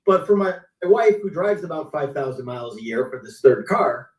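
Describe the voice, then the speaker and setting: A man's voice: on the high side, lively intonation, brisk, highs cut off. A middle-aged man, a car sales veteran, telling stories casually on a live stream and acting out his customers' lines. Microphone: video call. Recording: roomy, distant mic.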